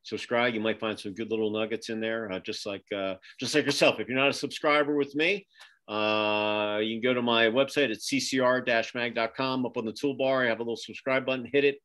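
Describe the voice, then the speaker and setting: A man's voice: medium pitch, fairly even intonation, fairly quick, a bit bright. A middle-aged man hosting a podcast from his home office over a video call, rambling with many fillers and restarts. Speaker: podcast host and magazine publisher. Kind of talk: casual interview sign-off.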